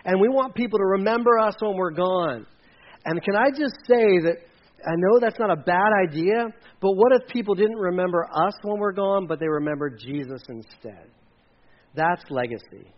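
A man's voice: high voice, normal speed. A man preaching a sermon in a playful, joking way, leading the audience with volunteers on stage in a church. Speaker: pastor. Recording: dull lo-fi sound.

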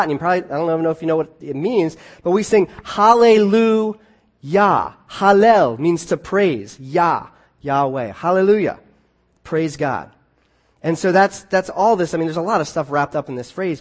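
High-voiced man preaching a casual sermon. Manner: conversational, self-correcting, swings between hushed and emphatic. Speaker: pastor.

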